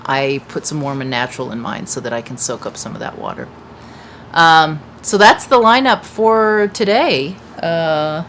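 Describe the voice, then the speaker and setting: Speaking from an outdoor patio, this craft shop host, a woman from the United States, rambles through a chatty conversation with her viewers, full of fillers. She has a deep voice, and the poor audio carries a little background noise.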